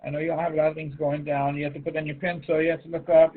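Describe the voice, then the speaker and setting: A man's voice: a little high, little pitch movement, rapid-fire. Man teaching coaxing teacher on tinny call. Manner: coaxing, calls students by name. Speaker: math teacher. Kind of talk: online class lecture. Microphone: video call. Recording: tinny phone-like line.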